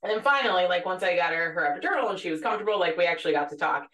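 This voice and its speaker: A woman co-hosting a podcast, a former labor and delivery nurse telling a story in animated, casual chat full of fillers and laughter. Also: lowish voice, very fast, recorded from a distance. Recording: echoey room, voice a bit off-mic.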